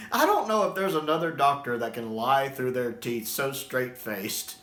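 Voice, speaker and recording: A man's voice: medium pitch, expressive, moderate pace, a bit bright. A man reviewing a novel in a casual, enthusiastic way, laughing often and filling with "you know". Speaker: book reviewer. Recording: roomy echo.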